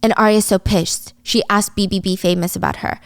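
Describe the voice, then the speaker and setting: A woman's voice: mid-range voice, a little fast, no room sound. A woman in a casual, chatty recap of a drama plot. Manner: chatty, animated.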